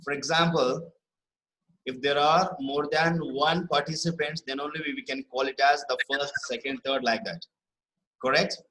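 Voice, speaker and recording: A man leads a spelling lesson, repeating words slowly and asking "right?" after each point. His voice sits a little high and sounds bright and forceful. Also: steady tone, poor audio. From India. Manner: explains patiently, checks understanding with "right?" and "correct?". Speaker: spelling teacher.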